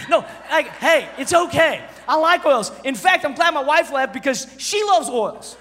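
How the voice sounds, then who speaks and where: A pastor in his thirties preaching a sermon, animated and joking, swinging from shouts to hushed storytelling. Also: very high-pitched, a little fast, few pauses, long reverb tail.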